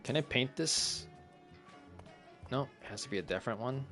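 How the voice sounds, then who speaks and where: A man streaming a relaxed home-renovation game, commenting casually, reading chat aloud and chuckling often. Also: mid-range voice, moderate pace. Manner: laid-back, chuckles often, talks to chat. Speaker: gaming streamer. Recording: faint game music behind.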